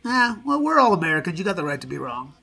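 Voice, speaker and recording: Brief: middle-aged man, high bright voice, swears freely, animated raconteur acting out quotes. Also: fast talker, gravelly, husky, soft background music. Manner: profane, animated, acts out quoted dialogue. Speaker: guest musician. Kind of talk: casual storytelling interview.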